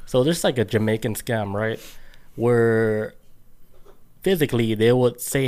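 A man's voice: medium pitch, measured pace, long pauses, a little mellow, clear, resonant tone. Laid-back man swapping stories on a podcast. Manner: loose storyteller, slangy, laughs often. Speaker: podcast co-host. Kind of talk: casual chat.

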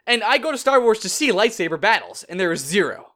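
A man co-hosting a casual podcast chat, excitable and animated as he tells stories. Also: sits high, quick pace. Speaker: podcast co-host.

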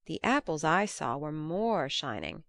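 Lady reading sly smooth-talking trickster god, low and coaxing, dry sound. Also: big pitch swings, measured pace, a bit bright, dry recording, heavily acted.

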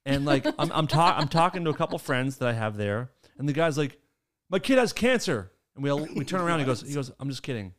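A man hosting a casual chat, telling stories in an animated way and laughing between sentences. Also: a little high, fast talker, few pauses. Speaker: podcast host.

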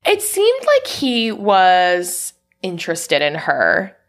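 Brief: woman co-host, lowish voice, steady, matter-of-fact plot summary. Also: takes it slowly. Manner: steady plot narration, laughs along. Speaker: podcast co-host. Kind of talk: casual film recap chat.

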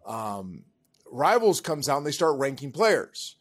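A man's voice: mid-range voice, sing-song, a little slow. A man hosting an interview, speaking in a conversational way with fillers like "um". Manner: conversational, fillers and throat clearing. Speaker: podcast host.

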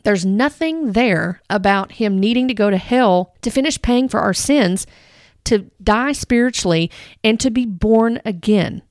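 A woman's voice: mid-range voice, unhurried, darkish tone, dry recording, clean studio sound. A woman giving earnest commentary on a religious teaching, reading quotes aloud and rebutting them point by point. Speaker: Christian commentator.

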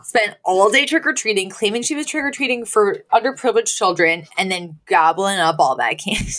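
A woman co-hosting a podcast, retelling a sitcom episode in animated, casual chat. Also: medium pitch, brisk. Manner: animated storytelling, acting out quotes, frequent laughter. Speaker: podcast co-host.

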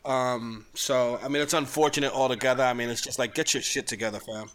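A man co-hosting a casual chat, talking in a calm, agreeable, measured way. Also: mid-range voice. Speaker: podcast co-host.

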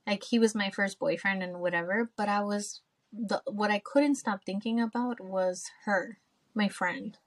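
A woman's voice: medium pitch, fairly even intonation, unhurried. Candid, freely swearing woman podcast host. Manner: candid, swears freely, tells stories with quoted asides. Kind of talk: casual chat.

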